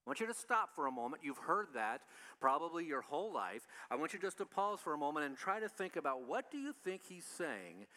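A man preaches to his congregation in a loose, conversational way and keeps putting questions to them. His voice sits a little high and sounds bright and forceful. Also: big pitch swings, fairly quick. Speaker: pastor. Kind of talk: sermon.

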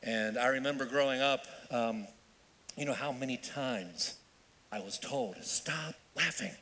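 A male minister preaching a sermon in an animated way, with joking asides and repeated phrases for emphasis. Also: medium pitch, a little slow. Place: church sanctuary. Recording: long church reverb.

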